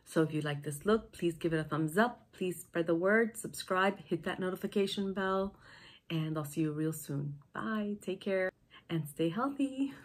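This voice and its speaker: A woman's voice: on the low side, normal speed. A woman with a sick, nasal voice, chatting through a makeup tutorial as a beauty vlogger. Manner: chatty, talks through each step.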